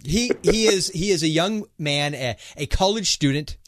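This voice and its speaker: A man hosts a casual movie podcast and retells the story with jokes and animated delivery. His voice sits a little high, and it is recorded close and dry with no room sound. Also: normal speed, dry recording. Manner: joking, animated storytelling with playful put-on accents. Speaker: podcast host.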